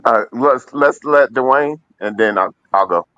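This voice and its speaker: A man co-hosting a football talk show, speaking in a measured way with preacher-like phrasing. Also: mid-range voice, bright, forceful tone, no room sound, lo-fi sound. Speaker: co-host. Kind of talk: casual panel chat.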